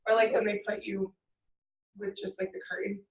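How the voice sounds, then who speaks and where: A woman student telling an animated story in class, with lots of "like". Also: mid-range voice, moderate pace. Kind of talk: casual anecdote in class. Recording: roomy, distant, lo-fi classroom audio.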